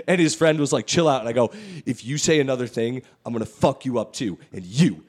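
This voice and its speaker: A man's voice: medium pitch, fast, few pauses. A young man hosting a casual podcast, telling crude stories full of swearing. He throws himself into the quoted lines, acting out every exchange. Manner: profane storytelling, animated reenactments. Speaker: podcast host.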